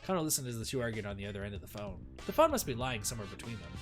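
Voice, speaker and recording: A man streaming a game, reading its narration aloud and reacting in a playful, animated way. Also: mid-range voice, racing, soft background music. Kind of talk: narrating and reacting to a visual novel.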